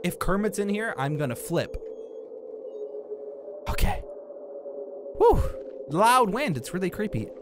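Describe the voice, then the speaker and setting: A young man commenting on a horror game in a goofy, jokey way, with loud outbursts, over game music. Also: high voice, sing-song, slow pace, pauses often, background noise. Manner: goofy, jokey, breaks into shouts and silly singing. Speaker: gaming YouTuber.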